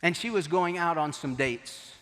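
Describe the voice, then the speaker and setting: A middle-aged man preaching a sermon, telling a story in an animated, joking way. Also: a little high, moderate pace. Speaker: pastor. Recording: long echo of a large hall.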